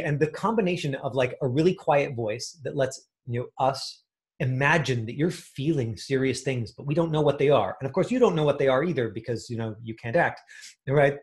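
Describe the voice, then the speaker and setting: A man coaching an acting class, talking in a rambling way with many fillers and restarts. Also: a little high.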